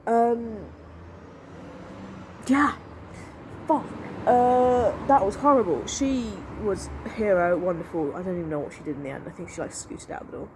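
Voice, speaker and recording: A woman's voice: medium pitch, normal speed. Rambling young woman, faint hum. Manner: rambling, animated, lots of fillers and "I was like". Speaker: vlogger. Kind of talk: casual storytelling to camera.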